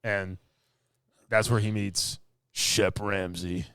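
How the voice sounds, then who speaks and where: A man's voice: fairly low pitch, flat delivery, slow, a bit bright, smooth, dry recording, studio quality. A man co-hosting a casual movie review podcast, retelling scenes with lots of fillers and laughter. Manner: rambling, filler-heavy retelling with bursts of laughter. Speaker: podcast co-host.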